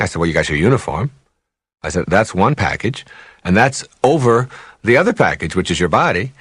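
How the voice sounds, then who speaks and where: A man's voice: medium pitch, husky, dry recording, clean studio sound. A man telling a story and playing both sides of a conversation in it. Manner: animated, plays both sides of a dialogue. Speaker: speaker. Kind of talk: storytelling talk.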